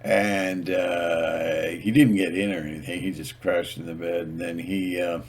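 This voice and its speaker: A man's voice: deep voice, fairly even intonation, unhurried. A man telling stories in a casual, rambling monologue, hesitant and full of fillers, acting out little skits as he goes. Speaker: channel host.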